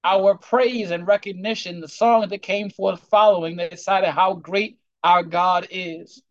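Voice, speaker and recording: A pastor welcoming a congregation and opening a sermon, drawn-out and exhorting, streamed on a video call. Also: medium pitch, fairly even intonation, no echo. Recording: dry, dull lo-fi sound.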